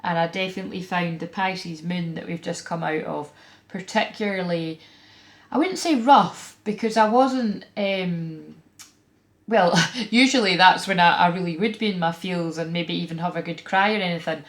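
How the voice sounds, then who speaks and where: A Scottish woman talks through a spiritual reading in a frank, animated, chatty way, full of fillers and quick asides. Her voice sits on the low side and carries a gravelly, fry-tinged edge. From Scotland. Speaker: tarot reader and spiritual channeler. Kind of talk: casual spiritual vlog talk.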